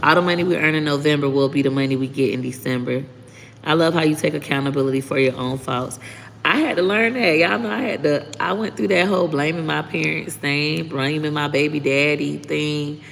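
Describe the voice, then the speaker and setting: A woman talks straight to her live-stream viewers, blunt and unfiltered, swearing freely between thank-yous to commenters. Her voice has a gravelly fry, and it rings with a long reverb against a faint background hum. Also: low voice, brisk, a bit bright. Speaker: livestreaming content creator. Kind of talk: casual live-stream chat reading comments.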